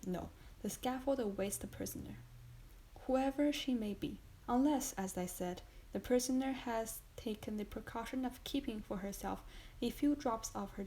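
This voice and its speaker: A relentless, contemptuous male magistrate, calm and icy as he presses his accusations, read by a woman in an audiobook. His delivery stays level and measured while it cuts. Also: a little high, lightly acted, low-quality recording. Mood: stern. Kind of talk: audiobook reading.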